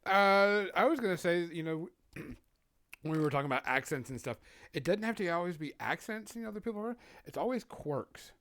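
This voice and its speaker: A man's voice: high-pitched, lively intonation, a little fast, a bit bright. A man on a gaming podcast, rambling casually with many fillers. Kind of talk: casual chat.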